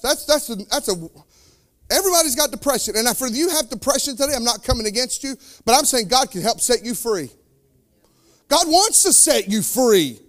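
Man, very high voice, fiery pastor, sermon, loud then hushed. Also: very animated, fairly quick.

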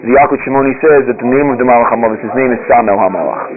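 A man teaching a religious text class, reading passages aloud and translating them line by line in a halting, repetitive way. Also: medium pitch. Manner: halting, repeats words while translating aloud. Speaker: Torah teacher. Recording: phone-like radio broadcast.

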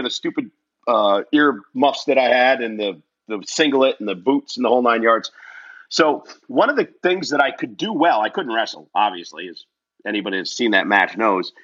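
Bright, husky man spinning a lively story. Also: mid-range voice, lo-fi sound. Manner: lively storyteller, laughs often. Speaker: wrestling commentator telling a story as a guest. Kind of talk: animated personal anecdote.

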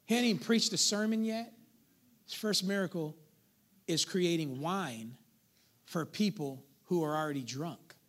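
High pitched preacher guy, chatty sermon, keeps asking the church to stay with him. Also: unhurried, a bit bright. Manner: conversational, playful preaching with call-outs to the congregation. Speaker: pastor.

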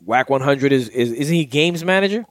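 A man's voice: mid-range voice, lively intonation, normal speed, no echo, clean studio sound. A man hosting a casual podcast chat with friends, laid-back and steering the talk. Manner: laid-back, wraps up the show. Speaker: podcast host.

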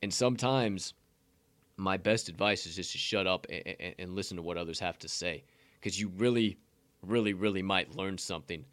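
A man with a lowish voice delivers a casual motivational segment on a podcast. He is blunt and profane, and he rambles and restarts as he talks. The sound is dry and close. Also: a bit bright, no echo.

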